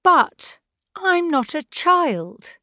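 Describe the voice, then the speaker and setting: Woman doing a determined teenage girl, earnest, raised pitch, slow and careful, dry close sound. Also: big pitch swings, bright, forceful tone, dry recording, full character voice. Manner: earnest, pleading, higher voice. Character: determined fourteen-year-old girl actress.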